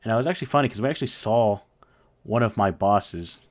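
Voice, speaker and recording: Rambling low-voiced young man. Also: fast. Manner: rambling, profane, full of fillers. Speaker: storyteller. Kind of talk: casual storytime.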